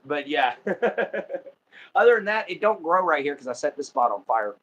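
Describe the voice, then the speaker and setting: Male streamer host from America, laughs easily, voice a touch high, friendly chat. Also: sing-song, measured pace, fairly bright tone, lo-fi sound. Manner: laughs often, friendly sign-offs. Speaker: livestream host. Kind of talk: casual livestream chat.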